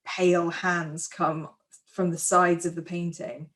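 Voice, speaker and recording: Woman, film review podcast co-host, casual and enthusiastic, lowish voice. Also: little pitch movement, slow pace, a bit bright. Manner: enthusiastic, chatty, self-deprecating.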